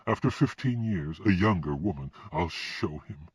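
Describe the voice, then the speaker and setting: A man voicing a distraught, sharp-tongued middle-aged woman in an audiobook, speaking in a raised, emphatic voice. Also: animated, normal speed, breathy edge, dry recording, studio quality, exaggerated voice. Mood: rueful. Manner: raised pitch, emphatic and indignant. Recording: dull lo-fi recording.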